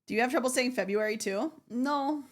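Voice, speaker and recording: A young woman streamer with a fairly high voice talks briskly in casual live-stream chat. She's playful, giggling and repeating words to test how she says them.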